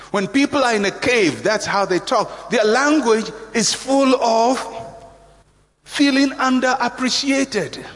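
A man preaching a sermon, emphatic and animated, acting out voices as he speaks. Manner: animated, emphatic, acts out voices with big pitch swings. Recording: long reverb of a large hall.

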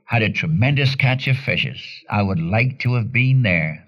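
A man's voice: moderate pace, hardly any pauses, muffled recording. A man preaching a sermon in a blunt, earnest way, his voice jumping up sharply to stress a point. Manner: earnest and blunt, with sudden rises in pitch for emphasis.

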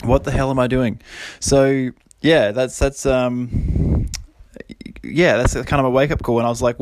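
A thirty-something man hosts his own podcast, his medium-pitched voice unhurried, a little mellow and showing little pitch movement on a dry recording. He rambles casually in a solo monologue, poking fun at himself, offering motivation and laughing often.

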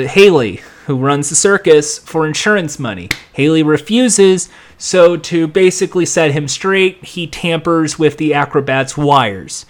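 A man with a slightly high voice recaps a show in a loose, rambling way. He is sarcastic throughout and adds sound effects and quick impressions as he goes. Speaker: show reviewer. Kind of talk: casual recap and commentary.

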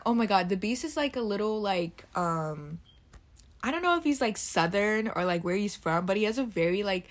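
A young woman hosting a solo podcast, rambling casually and swearing freely, her voice a little throaty from just waking up. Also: medium pitch. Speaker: podcast host.

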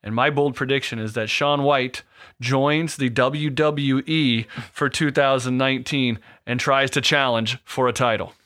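Bright-voiced joking man. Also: medium pitch, fairly even intonation, unhurried. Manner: jokey, rambling with restarts. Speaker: podcast co-host. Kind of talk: casual chat.

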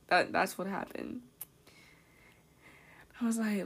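A young woman hosting her own podcast, telling a story in a casual, animated way, full of laughs, swearing and "like". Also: medium pitch, brisk, long pauses, breathy edge. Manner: animated, laughing, profane, lots of "like". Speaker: podcast host.

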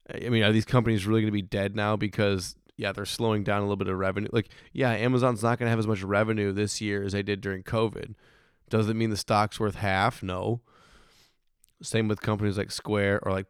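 A man in his thirties hosting a casual finance chat, hoarse from losing his voice, rambling and swearing with frequent restarts. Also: fairly low pitch, no room sound, clean studio sound. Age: 30s. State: hoarse, recovering voice. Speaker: podcast host.

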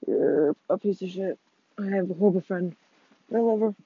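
A woman's voice: mid-range voice, moderate pace, slightly rough, no echo. Foul-mouthed, apologetic woman, lo-fi recording. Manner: swears freely and keeps apologizing. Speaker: podcast co-host. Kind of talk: casual chat while playing a video game. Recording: dull, lo-fi and dry.

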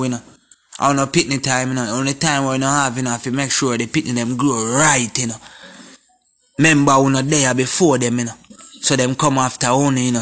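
Jamaican man, impassioned vlog rant, forceful and repetitive, mid-pitched voice. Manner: preachy, repetitive, speaking in Jamaican patois; forceful and confrontational. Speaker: vlogger. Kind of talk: impassioned monologue to camera.

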